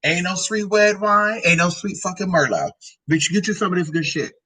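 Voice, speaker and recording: A transgender woman casually vlogs product reviews of drinks and food, sassy and profane, wandering from tangent to tangent. Her voice sits on the low side with a moderate pace and a slightly bright quality, though the audio is poor.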